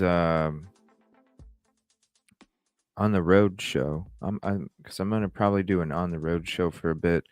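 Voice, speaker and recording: Male stream host, deep voice, close dry sound, loose chatty rambling delivery. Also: dry recording. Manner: rambling, many fillers and restarts; reads out and greets chat viewers. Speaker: livestream host. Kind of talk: casual livestream chat.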